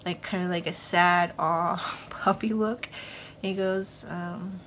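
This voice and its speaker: A woman's voice: on the low side, steady tone, slow, a bit bright, slight background noise. A woman hosting a podcast, giving a loose, casual recap of a TV episode with lots of fillers. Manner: rambling, loose, full of fillers like "you know". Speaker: podcast host.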